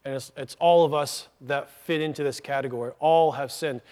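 A man's voice: medium pitch, fairly even intonation, normal speed, darkish tone. A man preaching a sermon as pastor, earnestly explaining a point step by step with asides.

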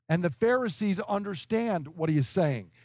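Emphatic high-voiced preacher man in his fifties. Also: expressive, moderate pace, a little mellow, no room sound, clean studio sound. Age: 50s. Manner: emphatic, explanatory, checks in with "okay?". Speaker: preacher teaching scripture. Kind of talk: expository sermon.

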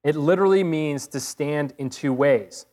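Guy giving a sermon, kinda higher voice, earnest and vivid. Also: moderate pace, dark tone. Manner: earnest, vivid retelling with rhetorical questions. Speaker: preacher.

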